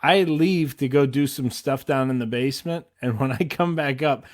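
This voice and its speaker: A man co-hosting a podcast, telling a relaxed anecdote with self-mocking humor in casual chat. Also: medium pitch, moderate pace. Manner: easygoing, self-mocking storyteller. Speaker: podcast co-host.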